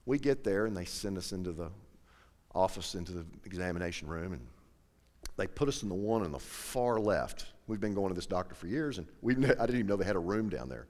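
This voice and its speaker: A man's voice: low-pitched, lively intonation, brisk, darkish tone, big-room sound. A middle-aged man telling an emotional personal story to an audience, acting out the dialogue as he goes. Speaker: professional angler.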